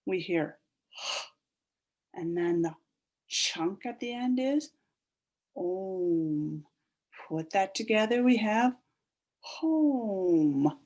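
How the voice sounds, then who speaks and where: A woman leads a phonics lesson for small children, sounding out each word slowly and drawing out its parts. Her pitch swoops up and down in a lively sing-song, and her voice has a soft, breathy edge. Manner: slow, sing-song and animated, stretching out sounds. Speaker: teacher.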